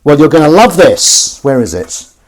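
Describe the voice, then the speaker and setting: A man's voice: a little high, very animated, normal speed, a little hiss or hum. A man chatting casually as he washes up in his kitchen, rambling and reading out viewer comments. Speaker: streamer. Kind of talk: casual chat while washing up. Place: kitchen at the sink. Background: clattering dishes and cutlery.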